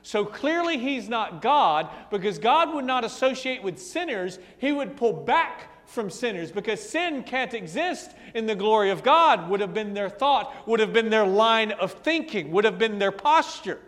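A man preaching a sermon, telling a story dramatically, dropping to a hush and rising to a booming voice, with repeated rhetorical questions. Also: sing-song, measured pace, hardly any pauses. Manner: dramatic, swinging from hushed to booming. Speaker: pastor. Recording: long hall reverb.

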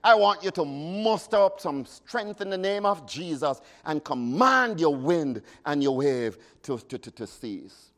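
Fervent high-voiced preacher, slow. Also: male voice, animated. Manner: fervent, rises to sudden shouts and drops to hushes; chants hymn lines slowly. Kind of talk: sermon.

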